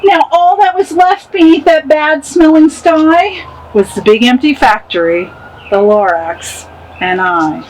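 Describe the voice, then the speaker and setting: A woman reads a rhyming picture book aloud in a high, expressive voice. She takes it slow and unhurried, with a faint hiss in the background. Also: low-quality recording. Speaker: storybook reader.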